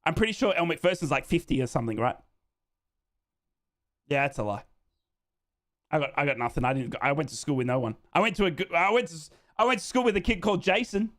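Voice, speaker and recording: A man's voice: a little high, animated, quick pace, pauses often, fairly bright tone. An Australian man hosting a live football watchalong, chatting casually and reading out fan comments. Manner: chatty, jokey, repeats himself, says "mate".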